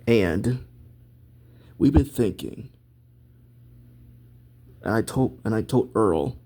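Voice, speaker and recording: A man hosting an amateur web series, telling a rambling story in halting, casual speech with frequent restarts. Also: on the low side, lively intonation, mellow. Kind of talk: casual hobby role-play chat.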